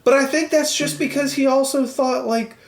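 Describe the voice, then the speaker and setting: A man's voice: very high-pitched, moderate pace. Casual guy on a podcast, rambling and cussing, a bit of room echo. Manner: rambling, animated, swears a lot, acts out quoted voices. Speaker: podcast co-host. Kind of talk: casual chat. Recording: roomy echo.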